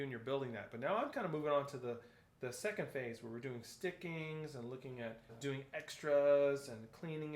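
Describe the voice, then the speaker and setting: Echoey male percussion teacher. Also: on the high side. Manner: explains step by step, counts aloud and calls out notes and stickings. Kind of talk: instructional tutorial. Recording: echoey room with faint noise.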